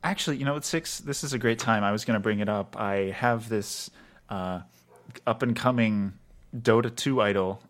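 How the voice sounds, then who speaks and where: Dude co-hosting a podcast, kinda rambly, keeps restarting sentences. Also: male voice, on the low side. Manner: rambling, halting, restarts often. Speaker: podcast co-host. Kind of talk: casual podcast chat.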